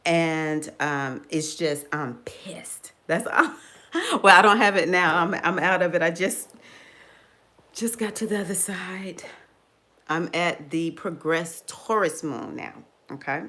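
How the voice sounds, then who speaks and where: A middle-aged woman, an astrologer, talking casually about her own experiences. She acts out her past thoughts in a high voice and laughs often. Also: a little slow, bright, forceful tone. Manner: laughs often, loose and conversational. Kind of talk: casual personal talk.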